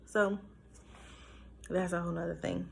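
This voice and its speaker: A woman's voice: on the low side, flat delivery, unhurried, creaky, breathy edge. Emotional woman telling a personal story. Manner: emotional, talks through it with fillers. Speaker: vlogger sharing a personal story.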